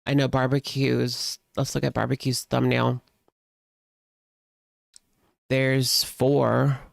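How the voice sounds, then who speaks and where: Slow, gravelly, sarcastic woman commentator. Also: a bass voice, little pitch movement, dry recording, studio quality. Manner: sarcastic, chatty, heavy use of "like". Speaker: commentary host. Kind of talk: casual reaction commentary.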